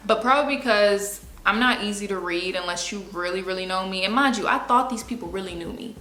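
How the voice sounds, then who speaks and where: A woman's voice: medium pitch, brisk, pushed and bright, echoey room. A young woman talking to camera in a casual, candid way, using slang and speaking expressively. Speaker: video host. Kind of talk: casual confessional talk to camera.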